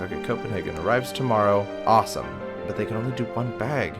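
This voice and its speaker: Low-voiced man thinking aloud over a game. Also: fast talker, over loud music. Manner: chatty, thinks aloud, frequent ums and restarts. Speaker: gaming channel host. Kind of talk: let's-play commentary, reading game text aloud.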